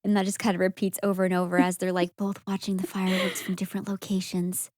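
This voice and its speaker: A young woman co-hosting a podcast, recapping a movie in casual chat and acting out the characters' lines in an animated way. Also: mid-range voice, fast, dry recording, clean studio sound. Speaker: podcast co-host.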